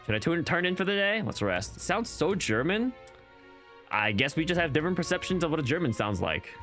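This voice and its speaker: A man's voice: on the high side, sing-song, brisk, fairly bright tone, faint music behind. A man streaming a game who rambles through casual commentary, questioning himself and restarting his sentences often. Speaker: gaming streamer.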